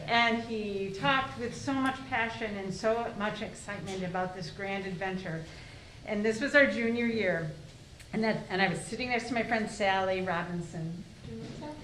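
Animated woman in her sixties, echoey hall. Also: mid-range voice, moderate pace. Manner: animated, acting out quoted dialogue. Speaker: former liaison team member. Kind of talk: panel storytelling. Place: museum event hall. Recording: echoey room, faint noise.

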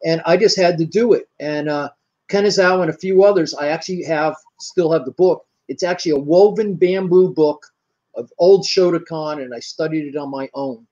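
In an interview, an older martial arts grandmaster from the United States tells long, meandering stories and acts out the dialogue of the people in them. His voice is fairly high and mellow, at a normal speed, and the recording sounds muffled.

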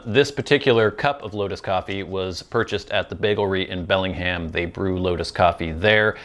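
A man's voice: fairly low pitch, fairly bright tone. A man from the Pacific Northwest hosting his show, chatting casually and self-deprecatingly while smoking a pipe. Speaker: host.

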